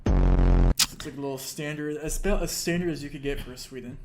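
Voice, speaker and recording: A man calmly talking through his guesses while playing a geography game, understated and easygoing. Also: mid-range voice, brisk, creaky. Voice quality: calm, understated. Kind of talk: casual gameplay commentary. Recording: clip with music behind.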